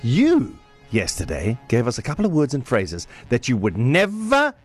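A man hosting a breakfast radio show, bantering excitedly and hyping up his co-host. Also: mid-range voice, normal speed, slightly rough, soft background music.

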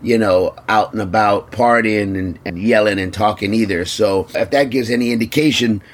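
A man's voice: lowish voice, moderate pace. A man hosting a motorsport fan podcast with a scratchy throat, chatting casually and often restarting his sentences. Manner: rambling, repeats words. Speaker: podcast host. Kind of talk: casual chat.

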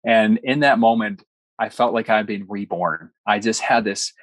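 A young man, a guest in an interview, telling a personal story with earnest, animated delivery and quoted dialogue. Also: lowish voice, moderate pace, dry recording.

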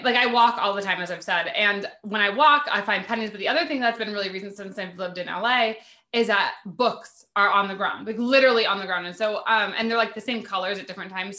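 A woman's voice: mid-range voice, quick pace, pushed and bright, roomy sound. A woman hosting a spiritual podcast, chatting casually and rambling with many "like" fillers. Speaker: podcast host.

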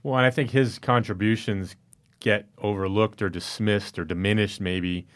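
A man discussing basketball in a measured way and asking his co-host questions. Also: on the low side, steady tone. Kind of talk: casual sports discussion.

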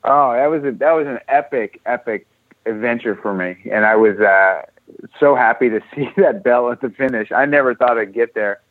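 A man's voice: mid-range voice, normal speed, no echo. An American man calling in, chatty and laughing easily about running. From United States. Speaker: guest runner on the phone. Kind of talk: casual phone chat. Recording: tinny phone line.

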